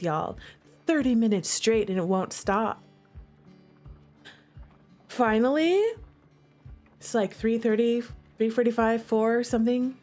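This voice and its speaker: A woman telling a ghost story in a chatty, animated way, full of restarts and fillers. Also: fairly high pitch. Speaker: streamer. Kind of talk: casual storytelling.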